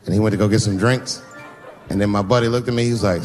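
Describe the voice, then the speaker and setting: A man's voice: lowish voice, racing, music in the background. A man doing a stand-up comedy set, telling loose conversational stories and acting out other people's voices with mumbled asides. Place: live comedy venue with audience.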